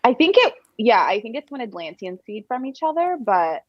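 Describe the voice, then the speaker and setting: A woman joins a book chat over a video call and talks through her thoughts. Her voice moves expressively in pitch. The audio sounds dull and dry. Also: big pitch swings, moderate pace, dry recording. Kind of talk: casual chat.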